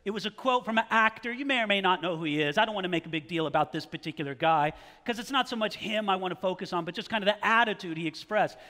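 High bright-voiced preacher in a reverberant hall. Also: male voice, fast, few pauses. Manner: animated, rhetorical questions, mock-challenging tone. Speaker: pastor. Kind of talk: sermon.

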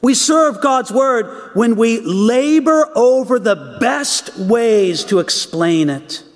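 A man with a strikingly high voice delivers a sermon. He speaks emphatically, repeating words and asking his listeners rhetorical questions. His voice rings out with the long reverb of a large hall. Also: lively intonation, takes it slowly. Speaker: preacher.

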